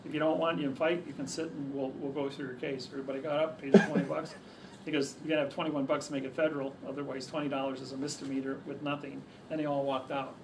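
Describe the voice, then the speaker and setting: A man at medium pitch, level in tone and quick in pace, tells casual, meandering stories to a crowd and keeps restarting his sentences. The recording is from a distant mic with some faint background noise.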